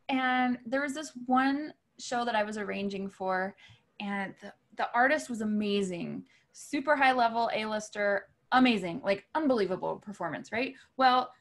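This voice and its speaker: A woman's voice: on the high side, vocal fry. A woman who works as a music arranger, telling a story in an interview in a chatty way and laughing often. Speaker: music arranger and vocal clinician. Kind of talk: casual interview talk.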